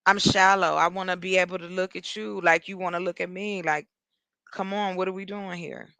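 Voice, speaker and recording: A woman in a casual panel chat who speaks her mind bluntly and with emphasis. Her voice is bright and a little sharp, and it is recorded dry and close. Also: on the low side, steady tone, fairly quick, vocal fry, no room sound.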